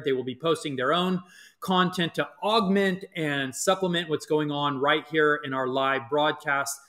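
A man's voice: a little high, fairly bright tone. A man hosting a live podcast, chatty with frequent fillers. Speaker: podcast host.

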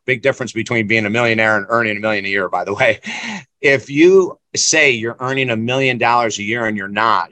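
Blunt, bright-voiced man in his 60s. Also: mid-range voice, no echo. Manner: emphatic, blunt and preachy. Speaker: guest, motivational speaker. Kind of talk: storytelling in conversation.

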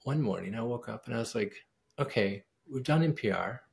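Man, gravelly voice, mid-range pitch, casual interview storytelling, acts out quoted dialogue. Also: lively intonation, brisk. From United States. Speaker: pianist and composer, guest.

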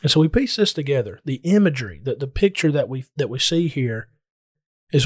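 A man's voice: mid-range voice, sing-song, a little fast, breathy edge, no room sound, clean studio sound. A man preaching a sermon in an earnest, explanatory way, speaking directly to his listeners.

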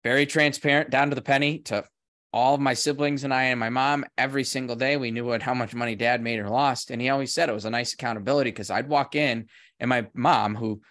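A man hosting a podcast in casual chat, an animated storyteller who speaks in quick bursts. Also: mid-range voice, no room sound, clean studio sound. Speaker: podcast host.

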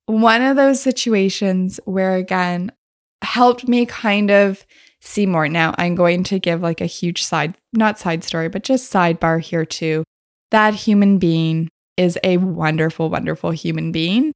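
A woman's voice: on the low side, normal speed, no room sound, studio quality. A woman hosting a podcast, telling stories in a chatty, casual way and laughing often. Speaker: podcast host. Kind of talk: casual storytelling.

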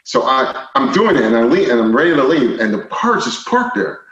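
A man telling a personal story as a podcast guest, animated, moving from quiet stretches to loud indignant retellings. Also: mid-range voice, normal speed. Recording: roomy, slightly dull podcast audio.

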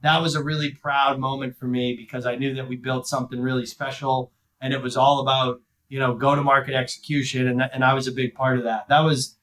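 Man, guest, blunt and intense, mid pitch, casual talk. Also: level tone, brisk, few pauses, a bit bright, rough recording. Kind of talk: casual interview chat.

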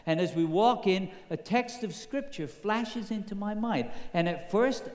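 Slow, echoing preacher in a hall. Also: male voice, sits high, lively intonation, a little mellow. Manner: storytelling, builds to emphatic rises. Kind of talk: sermon. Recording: echoey hall with long reverb.

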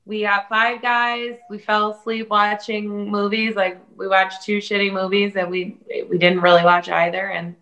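A woman chef talking as a guest on a video call, telling lively, swear-laced stories and mimicking her family's voices. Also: medium pitch, moderate pace, hardly any pauses, dull audio. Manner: animated storyteller who swears casually and mimics family voices. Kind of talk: casual video-call chat.

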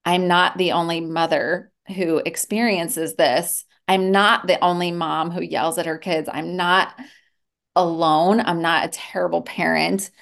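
A woman, a therapist speaking in a candid podcast conversation, earnest and reflective with soft laughs. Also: on the low side, fairly even intonation, a little slow, creaky. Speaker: therapist and guest.

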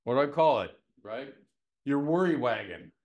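A man teaching the Bible to a live group in a conversational way, lively and folksy, asking many rhetorical questions with homespun humor. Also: mid-range voice, moderate pace.

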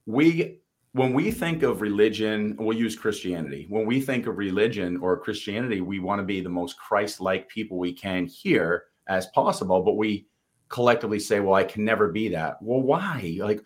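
An animated man with a lowish voice talks at normal speed as co-host of a motivational podcast. He has a Boston accent and tells stories earnestly in casual speech, with occasional cursing.

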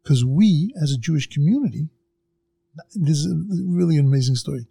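Man, middle-aged, very gravelly, raspy, animated storyteller, podcast chat. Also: brisk. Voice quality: gravelly and husky. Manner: acts out quoted people with big jumps in pitch.

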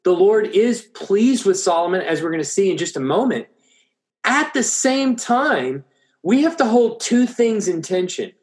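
A man's voice: sits high, big pitch swings, unhurried. A man preaching an expository Bible lesson, thinking aloud with frequent restarts.

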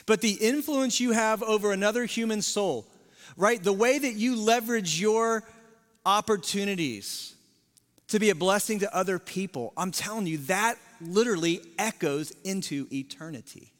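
High-voiced preacher in a reverberant sanctuary. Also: male voice, moderate pace. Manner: dynamic, swinging from loud emphasis to hushed near-whisper; conversational asides to the congregation. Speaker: lead pastor. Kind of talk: sermon. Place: large church sanctuary. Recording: long hall reverb in a large sanctuary.

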